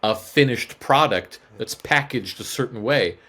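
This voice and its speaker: A man who is a guest voice actor, chatting casually in an animated, jokey way on a podcast. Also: mid-range voice, a little slow. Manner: animated, jokey, slips into impressions.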